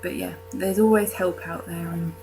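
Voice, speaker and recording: A woman's voice: lowish voice, steady tone, normal speed, creaky, noisy background. A young woman from the UK talking casually to camera in her vlog, rambling with fillers and restarts and self-mocking jokes. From United Kingdom. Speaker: vlogger.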